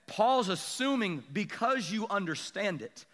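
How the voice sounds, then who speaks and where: A man's voice: sits high, a little slow, long reverb tail. A young adult male pastor preaching a sermon, telling stories and checking in with the congregation with frequent asides. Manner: animated storytelling with congregation asides.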